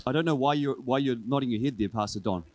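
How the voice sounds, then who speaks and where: A man preaching a sermon to his church in a relaxed, conversational way, driving his points home with repeated refrains. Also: mid-range voice, fast talker, poor audio. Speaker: pastor. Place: church service with a congregation.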